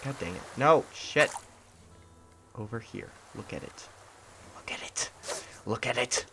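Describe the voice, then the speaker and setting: A tired young man streams a game from a hot room at home, grumbling through casual commentary with sarcastic mock indifference. His medium-pitched voice is gravelly and unhurried with lively intonation, and the home stream recording is noisy.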